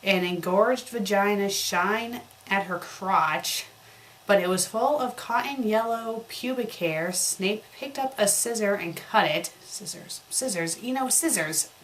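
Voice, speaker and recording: Deadpan woman reading fanfic aloud. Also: medium pitch, a little slow, a little hiss or hum. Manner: deadpan mocking commentary on spelling errors. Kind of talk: comedic dramatic reading with sarcastic asides.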